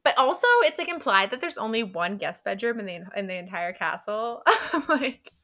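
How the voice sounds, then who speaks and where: Bright-voiced woman podcast co-host. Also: mid-range voice, animated, moderate pace. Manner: laughs often, recaps plot, frank and swearing. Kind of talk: casual book-club chat.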